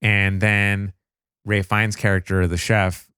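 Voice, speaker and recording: Deep-voiced man, smooth and unhurried. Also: no room sound, studio quality. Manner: relaxed, unhurried, with "you know" fillers. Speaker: podcast co-host. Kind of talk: casual movie review chat.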